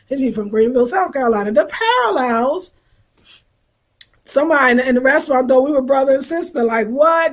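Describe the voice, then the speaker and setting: A woman vlogging to her viewers in a rambling, emphatic, colloquial way. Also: a little high. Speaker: travel vlogger. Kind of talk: casual spiritual talk to viewers.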